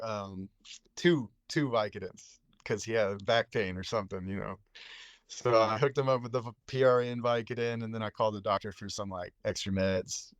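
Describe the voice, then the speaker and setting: A man's voice: on the low side, dry recording, highs cut off. A man, a psychiatric nurse, telling a story as a podcast guest in a laid-back, slangy way with lots of fillers. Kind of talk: casual storytelling.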